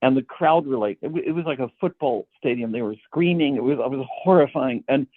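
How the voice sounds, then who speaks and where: A man's voice: mid-range voice, brisk, no echo. A man, a guest composer, telling long anecdotes, often stammering and repeating words as he starts sentences. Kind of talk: anecdotal storytelling. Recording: tinny phone-like line.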